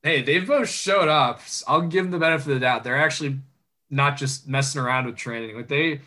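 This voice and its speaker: Bright-voiced young man talking sports. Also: medium pitch, fairly quick. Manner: joking, sarcastic, laughs often. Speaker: sports podcast co-host. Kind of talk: casual sports chat.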